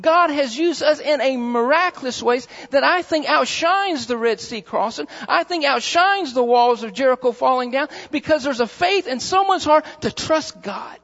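Male pastor, very high and gravelly voice, fervent repetitive sermon; muffled recording, long hall reverb. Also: animated, normal speed, hardly any pauses, a bit bright. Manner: fervent, repeats phrases for emphasis.

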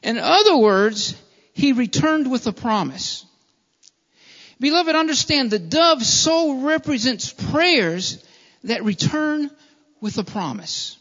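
High-voiced preacher in a reverberant hall. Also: male voice, very animated, slow pace, fairly bright tone. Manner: earnest preaching, repeats phrases, addresses listeners as beloved. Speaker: pastor. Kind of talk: sermon. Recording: dull lo-fi sound with long hall reverb.

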